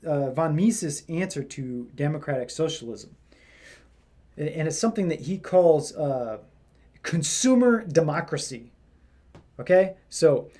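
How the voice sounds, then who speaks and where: A man's voice: fairly high pitch, warm tone. A man hosting casual political commentary, talking in a rambling way with lots of fillers. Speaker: commentary host.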